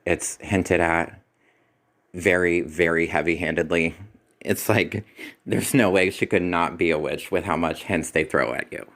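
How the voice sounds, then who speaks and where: Deep-voiced man giving a critical review. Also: fairly even intonation, a little slow, fairly bright tone. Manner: critical, sarcastic. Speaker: film reviewer. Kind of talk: spoken movie review.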